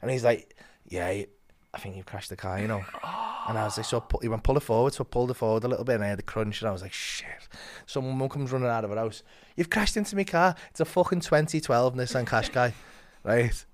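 A man's voice: mid-range voice, fast talker. A young man telling a comic story as a podcast guest, swearing, laughing and acting out the other voices.

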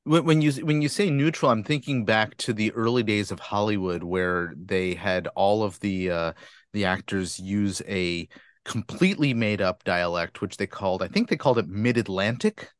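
A man's voice: fairly low pitch, moderate pace, no echo, studio quality. A male interviewer asking a guest thoughtful questions, with frequent restarts.

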